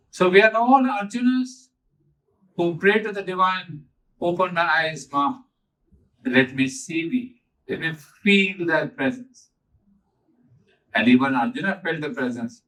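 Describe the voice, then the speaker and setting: Older man, spiritual teacher addressing a gathering; earnest and emphatic, higher-pitched. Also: recorded from a distance, rough recording. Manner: earnest, emphatic, repeats key phrases.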